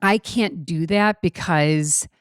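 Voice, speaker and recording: Woman, 40s, podcast co-host; chatty, animated, lower-pitched, dry close sound. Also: slow pace, clean tone, dry recording. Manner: chatty and animated, many fillers and restarts. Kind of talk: casual chat.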